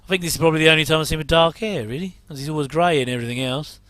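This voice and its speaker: A middle-aged man chats his way through an old episode, full of wry asides and quick chuckles. His voice sits a little high, bright and crisp. It is recorded dry and close. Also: no room sound. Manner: chatty, rambling asides, wry jokes and chuckles. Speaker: commentator reacting to an old TV episode. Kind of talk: casual watch-along commentary.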